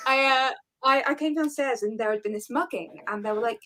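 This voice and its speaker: A woman's voice: high voice, a little fast, bright, forceful tone, slight background noise. A woman with an English accent, an actor guest on a video call, telling a story with dramatic flair. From England. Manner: laughing, dramatic, puts on posh voices. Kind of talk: casual storytelling chat.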